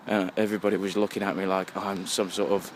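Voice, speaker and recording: A man's voice: low-pitched, little pitch movement, fast. A young English man in his twenties, a bit tipsy, rambling and swearing constantly while walking home at night and talking into his phone. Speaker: vlogger. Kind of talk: casual rambling monologue. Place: outdoors on a street at night, walking. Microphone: phone held while walking. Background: faint passing traffic.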